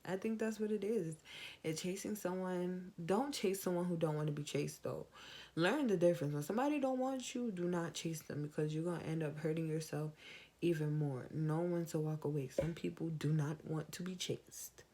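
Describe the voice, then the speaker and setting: A young woman, chatting casually to camera in an advice vlog and acting out quoted lines in a higher voice. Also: normal speed, warm tone. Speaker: vlogger.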